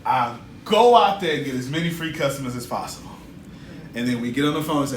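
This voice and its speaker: Male coach for a live seminar, energetic, slangy, mid-pitched, recorded in an echoey room from a distance. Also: quick pace. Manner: energetic, colloquial, call-and-response with audience. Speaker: business coach. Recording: echoey room, mic far off, faint hiss.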